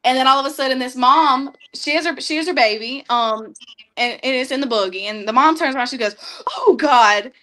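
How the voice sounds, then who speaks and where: A young woman sits in a studio and tells everyday stories with lots of laughter. Her voice is high and bright. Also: fairly quick. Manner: laughing, animated storyteller. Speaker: studio guest. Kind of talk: casual storytelling.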